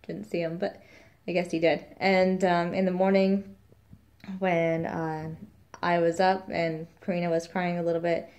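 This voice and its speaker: A woman's voice: on the low side, little pitch movement, measured pace, a little mellow. A woman, a new mother, chatting casually in a rambling vlog, quoting the people around her.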